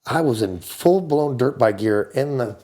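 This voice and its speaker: A man in his forties from the United States, a podcast guest telling wild stories in relaxed slang. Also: a little slow. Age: 40s. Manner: animated storyteller, jumps up high for quoted voices; laid-back slangy talk. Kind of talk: casual storytelling.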